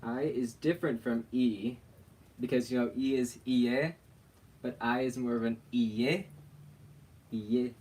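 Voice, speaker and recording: Slow, playful man teaching an alphabet. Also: medium pitch, steady tone, darkish tone, slight background noise. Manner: slow, playful, often laughing. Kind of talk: casual livestream lesson.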